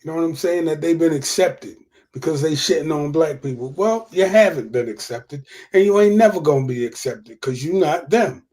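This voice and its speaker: A man's voice: fairly high pitch, animated, moderate pace, darkish tone. A man hosting a livestream of casual political commentary, profane and repeating his points for emphasis. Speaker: livestream host.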